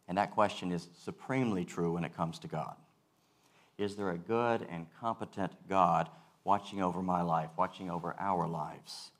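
A male pastor giving a sermon, earnest and measured, repeating key phrases for weight. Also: sits low.

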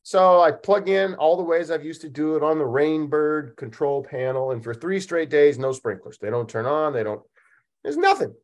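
Man, podcast host, slightly higher voice, casual comedic storytelling, laughs a lot. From Oregon, United States. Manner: animated, laughing, acts out dialogue.

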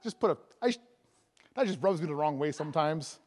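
A man with a notably high voice preaches a sermon as an evangelist. He keeps it casual and playful, laughing between points and stumbling through fillers and restarts as he goes. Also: animated, fairly quick, a little hiss or hum.

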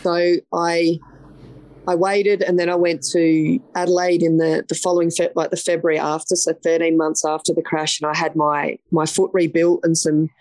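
An Australian woman, a police officer, telling her story frankly in an interview, blunt and quick to swear. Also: on the low side, flat delivery, a little mellow, dry recording, poor audio. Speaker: police detective sergeant, podcast guest.

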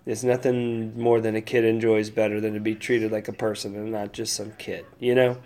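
A married man hosting a casual solo podcast, rambling, swearing freely and thinking out loud as he goes. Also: fairly low pitch, level tone, moderate pace, hardly any pauses. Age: adult, old enough to be married. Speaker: podcast host.

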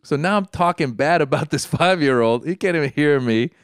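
A man from Iran, a doctor, telling a long story in casual chat, rambling, repeating himself and jumping high when he acts out his own thoughts. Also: animated, brisk, smooth, no room sound, studio quality.

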